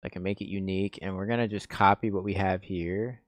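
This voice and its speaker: A man's voice: low-pitched, steady tone, brisk, no room sound. A man producing music on a stream, thinking aloud in a laid-back, slangy way and muttering half-finished thoughts as he works. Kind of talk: casual thinking-aloud commentary while mixing.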